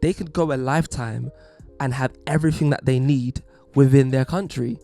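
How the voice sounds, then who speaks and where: A man's voice: medium pitch, steady tone, normal speed, creaky, mellow, soft background music. A man hosting a podcast, giving an emphatic, wry opinion monologue. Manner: wry, emphatic, puts on mock voices. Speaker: podcast host.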